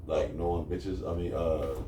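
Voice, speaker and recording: Man, podcast co-host, deep and easygoing, loose slang, roomy distant recording. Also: steady tone, normal speed, dark tone. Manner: laid-back, joking, profane slang. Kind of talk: casual chat. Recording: echoey room, distant mic, faint hiss.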